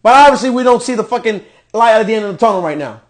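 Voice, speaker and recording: A man's voice: sits high, lively intonation, very fast. A man hosting a podcast, delivering a profane, exasperated rant reviewing a wrestling show. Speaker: podcast host.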